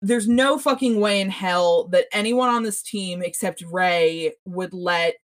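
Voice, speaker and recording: A woman's voice: lowish voice, unhurried. A woman co-hosting a TV recap podcast, ranting with profanity and many restarts in casual chat. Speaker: podcast co-host.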